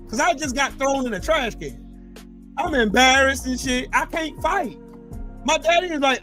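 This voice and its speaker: Man, high voice, swooping pitch, profane animated storyteller, faint music behind. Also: normal speed. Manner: animated, profane, swings between loud and low. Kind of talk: casual storytelling chat.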